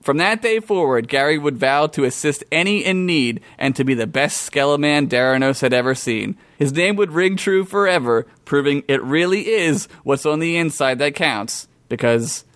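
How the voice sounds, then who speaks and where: A man's voice: a little high, lively intonation, moderate pace, few pauses, fairly bright tone, dry recording. A man narrating a comedic improvised tabletop story as game master, laughing often as he goes. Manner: laughs often while narrating, crude jokes.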